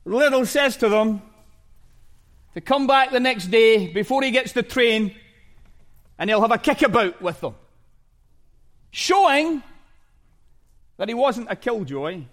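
A middle-aged man from Scotland praying and preaching a sermon in a measured, earnest way. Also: extremely high pitch. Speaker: pastor. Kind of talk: sermon with prayer.

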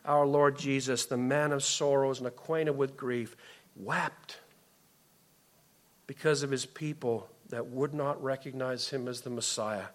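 A man preaching a sermon as a pastor, impassioned, swinging from loud emphasis to soft, hushed lines. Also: on the high side, fairly even intonation, a little slow.

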